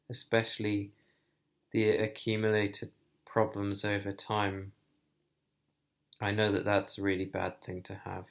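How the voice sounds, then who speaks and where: A man talking to camera in a personal vlog, thoughtful and hesitant, thinking aloud with many pauses. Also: fairly low pitch, creaky. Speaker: vlogger.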